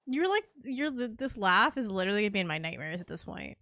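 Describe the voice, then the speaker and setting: A woman's voice: medium pitch, big pitch swings, fast, hardly any pauses, pushed and bright, no echo, clean studio sound. A young woman streaming a cozy game, chatting casually with her viewers and teammates, playful and laughing often. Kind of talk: casual live-stream chat while gaming.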